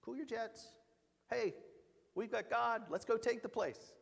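A man's voice: extremely high pitch, unhurried, vocal fry, husky, long reverb tail, voice pushed up, full character voice. A man doing a brash, rallying biblical scout. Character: bold confident male biblical scout.

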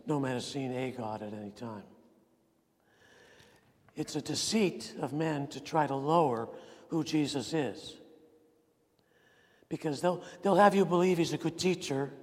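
Male pastor, sermon, slow deliberate delivery, big reverberant hall. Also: mid-range voice. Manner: earnest preaching, rising emphasis then dropping to quiet intensity. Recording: long reverb of a large hall.

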